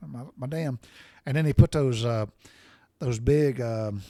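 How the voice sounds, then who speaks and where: A middle-aged podcast storyteller, sore from recent surgery, casually tells a rambling, profane story. He is folksy and restarts often, speaking at a measured pace in a mid-range, dark-toned voice with no echo.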